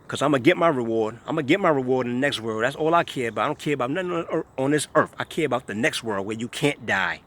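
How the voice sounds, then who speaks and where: A man's voice: mid-range voice, animated, quick pace, hardly any pauses, a bit bright. New guy in his 30s ranting at the camera, scornful, keeps repeating himself. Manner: emphatic, repetitive, scornful. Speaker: vlogger.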